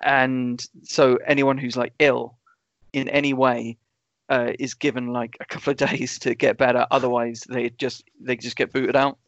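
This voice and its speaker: A man co-hosting a casual film podcast, relaxed and hesitant, with many ums. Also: mid-range voice, normal speed, no room sound. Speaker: podcast co-host. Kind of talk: casual film review chat. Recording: dull lo-fi dry sound.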